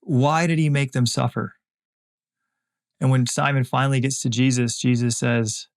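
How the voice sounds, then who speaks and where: Earnest gravelly man giving a motivational talk. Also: mid-range voice, fairly even intonation, normal speed. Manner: earnest, emphatic, repeats phrases. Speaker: podcast host.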